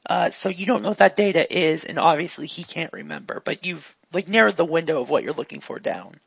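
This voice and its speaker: A woman narrating a tabletop role-playing game as game master, rambling in a relaxed way with many fillers. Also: sits low, a little fast, gravelly, breathy edge, no echo. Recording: dull, dry lo-fi recording.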